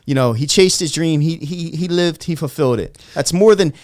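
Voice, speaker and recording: A man's voice: a little high, moderate pace, a little mellow. A man co-hosting a combat sports podcast in a studio. He talks casually and with passion, and he swears when riled. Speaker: podcast co-host.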